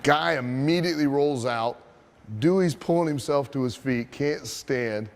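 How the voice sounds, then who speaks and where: With a mid-range voice at a slightly slow pace, a wrestling trainer relays a story as a teaching moment. He's profane and animated, posing rhetorical questions to his audience.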